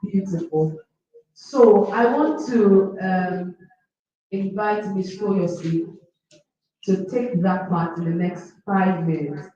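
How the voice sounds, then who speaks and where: A woman's voice: mid-range voice, slow, dark tone, heavy reverb, distant mic, muffled recording. Encouraging woman addressing students. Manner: encouraging, repeats herself, addresses students directly. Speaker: workshop organizer.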